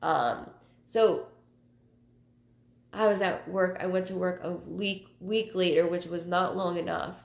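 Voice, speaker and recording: Gravelly low-voiced woman medium. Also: steady tone. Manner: halting, repeats words, emotional personal storytelling. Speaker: psychic medium hosting a live reading show. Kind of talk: casual livestream talk. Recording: roomy echo.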